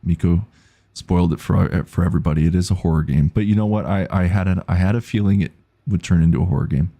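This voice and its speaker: A male game streamer talks casually through his playthrough and reads out viewer messages as they come in. His voice is low, dark and mellow, with a gravelly, husky grain. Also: fast talker. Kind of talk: casual gaming commentary.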